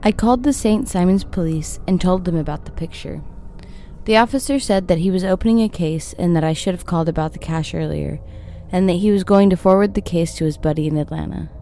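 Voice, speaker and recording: A woman reads a scripted horror story in a steady, even storytelling voice. Her pitch sits on the low side for a woman. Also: a little fast, slight background noise.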